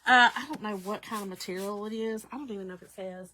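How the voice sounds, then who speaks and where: A woman's voice: medium pitch, fast talker, sharp tone, slight background noise. A middle-aged woman hosting a live craft demo, chatty and laughing often as she greets viewers by name. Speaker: craft livestream host.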